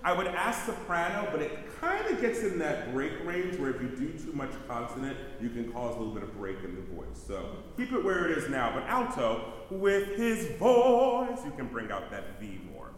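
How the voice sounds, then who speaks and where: A man's voice: medium pitch, very animated, fairly quick, hardly any pauses, a bit bright, slight background noise. A man directing a choir rehearsal, counting in beats and singing example phrases between instructions. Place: rehearsal hall. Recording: roomy hall with long reverb, faint music.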